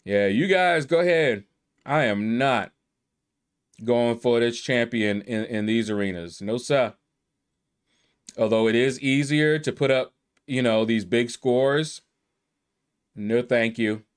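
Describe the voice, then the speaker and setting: A man's voice: medium pitch, slow pace, long pauses, clear, resonant tone. Laid-back man reading out a leaderboard. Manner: relaxed, drawls and plays with player names. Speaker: gaming YouTuber. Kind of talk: casual commentary reading a leaderboard.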